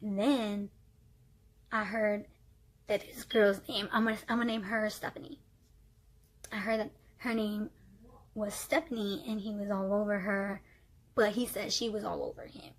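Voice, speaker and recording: A young woman vlogger telling a storytime casually, animated, dropping into whispers and laughs, with a breathy voice. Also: mid-range voice, normal speed, long pauses. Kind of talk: storytime vlog, casual retelling.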